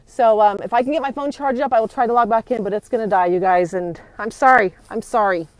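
A woman's voice: a little high, fast, dry recording, low-quality recording. Indignant young woman livestreaming on a phone. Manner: indignant, agitated, repeating herself. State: hurried, walking outdoors. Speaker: citizen livestreamer. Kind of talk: live phone stream. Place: outdoors near a courthouse. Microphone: phone held in hand.

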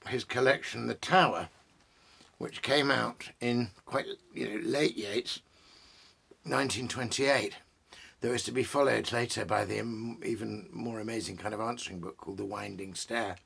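A man's voice: fairly low pitch, normal speed, vocal fry, fairly bright tone, breathy edge. A man hosting a casual, rambling talk about poetry at home among his bookshelves, with many fillers and restarts. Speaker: poet and host.

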